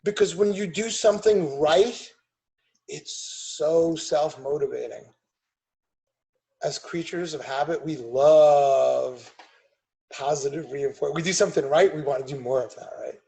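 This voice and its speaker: A middle-aged man telling a family story on a podcast, emphatic and animated, acting out what people said. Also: a little high, a little slow, gravelly, rough recording. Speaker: podcast guest, chiropractor and business owner.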